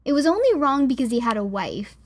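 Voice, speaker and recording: A woman narrator voicing a young, heartbroken woman who lashes out in sharp, angry outbursts. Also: high-pitched, sing-song, brisk, slight background noise, voice pushed up. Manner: sharp, lashing out.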